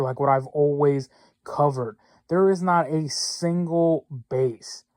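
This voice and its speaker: A man's voice: fairly high pitch, dark tone, no echo. A man hosting a political commentary show, talking through the news in a casual, rambling way with blunt opinions, many fillers and restarts, and a close, dry sound.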